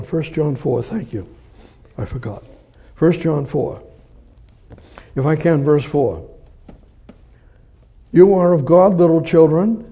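An older man preaching a rambling sermon and reading Bible verses, with much repetition and swings between loud emphasis and quiet asides. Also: fairly high pitch, husky. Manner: conversational, halting with many fillers.

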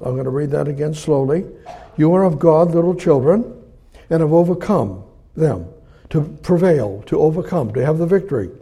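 An older man preaching a rambling sermon and reading Bible verses, with much repetition and swings between loud emphasis and quiet asides. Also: a little high, husky. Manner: conversational, halting with many fillers.

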